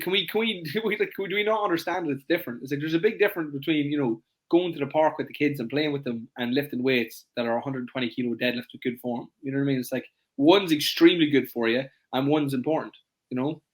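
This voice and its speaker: A man, a fitness coach hosting a casual podcast, talking emphatically and leaning on "it's like" again and again. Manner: rapid, emphatic, repeats "it's like" constantly; acts out clients in high voices.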